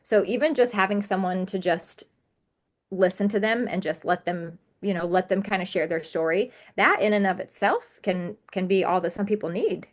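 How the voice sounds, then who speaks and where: A woman speaks as an interview guest at a steady, middle pitch. She is earnest and emphatic and stacks up repeated words to drive her points home. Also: normal speed. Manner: earnest and emphatic, piling up repetitions. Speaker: podcast guest. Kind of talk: candid interview conversation.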